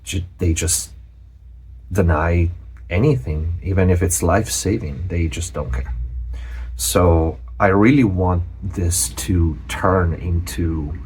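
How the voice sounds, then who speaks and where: A man from Europe, a channel host giving a personal update, speaking earnestly with many pauses and restarts. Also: sits low, darkish tone, a little hiss or hum.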